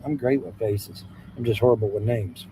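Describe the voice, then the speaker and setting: A man's voice: fairly low pitch, normal speed, dark tone, a little hiss or hum, poor audio. A man from Ohio with an Ohio accent, rambling casually and greeting his livestream chat, repeating himself as he goes. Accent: Southwest Ohio. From Hamilton, Ohio, USA. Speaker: livestream host. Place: outdoors beside idling trucks. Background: faint engine idling.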